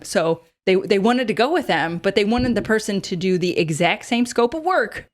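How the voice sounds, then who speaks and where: A woman's voice: medium pitch, animated, normal speed, few pauses. A woman in her thirties hosting a casual advice podcast, chatty, with many fillers and frequent laughs. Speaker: podcast host.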